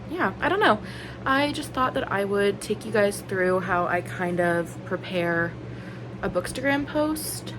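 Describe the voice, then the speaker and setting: A woman's voice: on the low side, noisy background. A woman in her thirties chatting casually on her book vlog, rambling earnestly with lots of "like" and "um". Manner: rambling, filler-heavy, with many likes and ums; earnest and openly emotional. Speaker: book vlogger.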